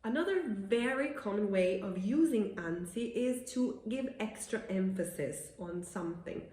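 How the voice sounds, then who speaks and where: A woman's voice: medium pitch, animated, a little mellow. Woman teaching in an echoey room. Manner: explains patiently, reads example sentences slowly and clearly; chatty, laughs at her own examples. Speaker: Italian language teacher. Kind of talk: video language lesson.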